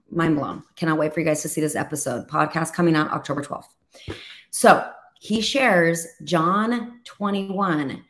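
Animated woman preaching on a video stream. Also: lowish voice. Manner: animated storytelling, acts out quoted voices. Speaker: ministry leader and co-host. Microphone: video call.

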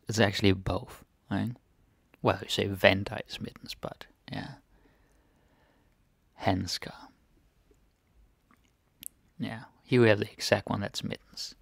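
A man teaching a casual Danish vocabulary lesson. He repeats each word slowly and drops to murmured asides. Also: fairly low pitch, little pitch movement, gravelly, husky, no room sound.

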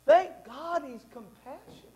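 A man's voice: very high voice, unhurried, darkish tone, rough recording. A man preaching a sermon as pastor, reading scripture aloud and pressing the congregation with emphatic questions. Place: church sanctuary.

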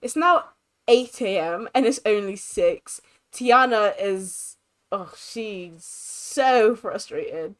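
A woman's voice: mid-range voice, slow. Chatty young woman narrating gameplay. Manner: chatty, expressive, sympathetic. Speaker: gaming creator. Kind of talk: casual gameplay commentary.

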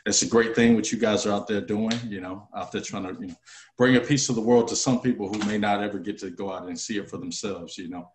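A relaxed man chats as a podcast guest, easygoing and full of casual fillers. His voice sits fairly low. He comes through a video call from a roomy, echoey space. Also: fast talker, slight background noise. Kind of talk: casual chat.

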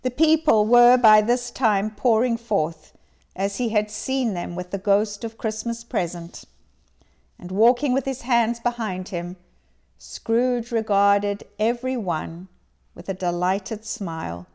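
A woman giving an expressive, measured dramatic reading of a classic story. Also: medium pitch. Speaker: reader.

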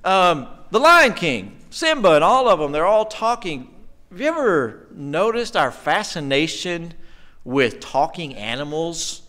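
A man preaching a conversational sermon in a church, animated and chatty, often putting questions to the congregation. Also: fairly high pitch, measured pace. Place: church sanctuary.

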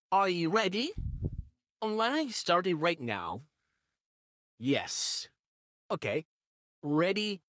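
A man voicing a creepy four-armed caterpillar vampire in a listener role-play audio, coaxing and hushing the listener. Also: sits high, dry recording, clean studio sound, exaggerated voice. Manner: coaxing, hushing, shushing softly.

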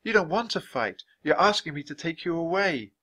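A man reading a storybook aloud, voicing an eager, softhearted little girl in a raised, pleading voice. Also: big pitch swings, normal speed, full character voice. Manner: high, pleading, insistent.

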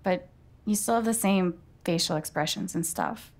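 A woman's voice: on the low side, moderate pace, creaky. An actress playing a wry, sarcastic young woman, the heroine of a video game. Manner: dry, sarcastic.

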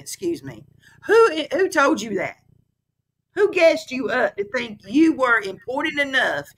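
A woman hosts a heated live-stream commentary and fires off scornful rhetorical questions. Her fairly high voice swings widely in pitch, and a faint noise sits under the recording. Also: bright, forceful tone.

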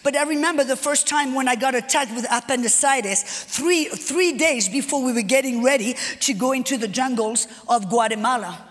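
High-voiced woman preaching in a reverberant hall. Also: normal speed, few pauses. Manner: animated, acts out dialogue, repeats phrases. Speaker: guest speaker. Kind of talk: preaching sermon with personal stories.

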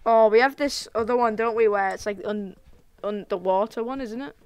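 A woman streaming a game live, talking casually to viewers, excitable and giggly, full of slang. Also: on the high side, normal speed, clear, resonant tone, no room sound. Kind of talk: casual live gameplay commentary.

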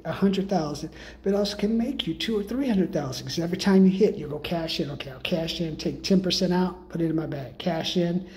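Fairly quick and a little mellow, a man's voice comes through with slight background noise. In this comedic rant he plays a would-be sales guru, profane and rambling in street talk, hard-selling his pricey programs like a pitchman.

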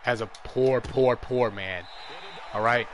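Streaming a football game live, this young man commentates and talks trash, sinking to mutters one moment and leaping into yells the next. He speaks at a slow pace with a medium pitch.

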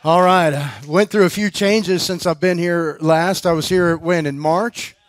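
High-voiced preacher telling a story. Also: male voice, steady tone, measured pace, no room sound. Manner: chatty, laughing, many fillers and restarts. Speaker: guest preacher. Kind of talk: sermon storytelling.

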